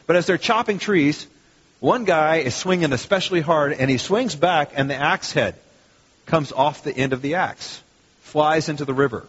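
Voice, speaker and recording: A man with a slightly raised pitch preaches to his congregation, leaning on key words and restarting phrases as he goes. His voice is a little husky. It carries with a long hall reverb on a muffled recording. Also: normal speed. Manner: conversational, emphatic preaching with restarts. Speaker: pastor. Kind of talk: sermon.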